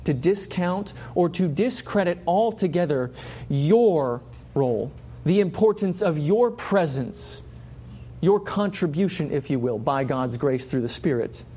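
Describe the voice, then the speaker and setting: Passionate high-voiced male preacher. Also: lively intonation, a little slow, warm tone, husky. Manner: passionate, rhetorical questions, repeats phrases. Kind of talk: sermon.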